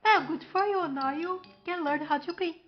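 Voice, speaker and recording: A woman's voice: extremely high pitch, moderate pace. A woman voicing a mischievous, teasing woman who enchants a broom, in a sing-song, mocking way. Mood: gleefully mocking. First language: Portuguese. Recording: muffled with faint music.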